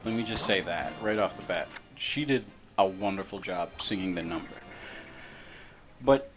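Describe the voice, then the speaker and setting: A man's voice: sits low, expressive, normal speed. A man chatting casually over gameplay, rambling, laughing and repeating words, with game music behind. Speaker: gaming channel host.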